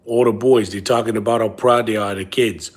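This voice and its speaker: A man's voice: on the low side, steady tone, a little fast, breathy edge. A comedian playing a nagging middle-aged father who drives a bus, scolding his son over and over. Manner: scolding, repetitive, drops to hushed whispers. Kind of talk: comedy character monologue.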